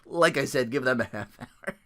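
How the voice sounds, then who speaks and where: A man's voice: mid-range voice, expressive, moderate pace, fairly bright tone. A young man hosting a casual solo podcast, rambling, swearing freely and often breaking into laughter. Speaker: podcast host.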